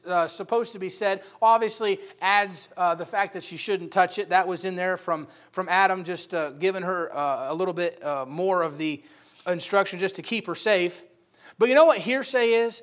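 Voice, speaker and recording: High-voiced emphatic man preaching. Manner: emphatic, rising loud for key points. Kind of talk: sermon.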